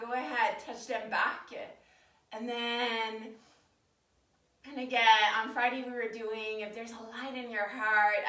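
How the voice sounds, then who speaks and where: A woman's voice: fairly high pitch, bright, forceful tone. A woman leading a live yoga class in a chatty, casual way, stuffed up from allergies. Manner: casual, chatty, laughs often. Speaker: yoga teacher. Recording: roomy, from a distance.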